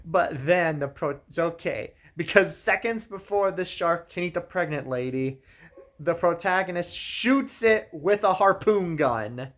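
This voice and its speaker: A man's voice: fairly high pitch, measured pace, fairly bright tone. A man giving a sarcastic comedic recap of a film, wry and full of "like" fillers. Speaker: movie reviewer.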